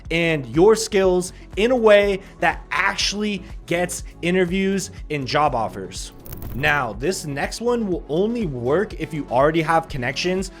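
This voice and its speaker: A man hosting a sales-career video, pitching directly to viewers in an upbeat, salesy way with sarcastic asides. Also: expressive, measured pace, faint music behind. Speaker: sales recruiter and channel host.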